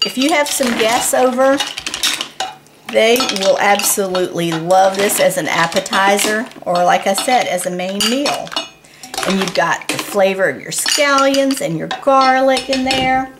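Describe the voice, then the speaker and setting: A woman's voice: mid-range voice, expressive, unhurried, very noisy. A woman hosting a casual cooking demonstration at home, chatty and enthusiastic as she cooks and tastes. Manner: chatty and enthusiastic, talks while eating. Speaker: cooking show host. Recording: echoey kitchen with clattering dishes. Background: clattering pots and dishes.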